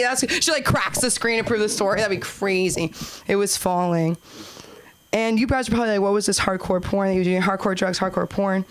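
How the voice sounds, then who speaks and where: A woman's voice: mid-range voice, fairly even intonation, brisk, background noise. A young woman hosting an open mic and doing a rambling, giggly stand-up set, full of restarts and filler. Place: comedy club stage.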